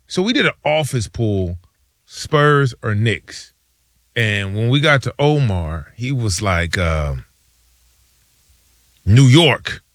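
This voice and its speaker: A man's voice: on the low side, slow pace, dry recording, studio quality. A man co-hosting a casual sports talk show, telling stories and acting out his friends' lines. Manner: animated storyteller, acts out friends' lines. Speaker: sports radio co-host.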